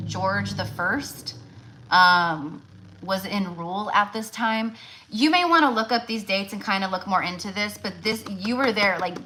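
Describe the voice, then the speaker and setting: A woman's voice: mid-range voice, pushed and bright, a little hiss or hum, rough recording. A woman giving casual live tarot readings, chatty and loose, full of fillers and restarts. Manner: chatty, many fillers and restarts, laughs often. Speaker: tarot reader.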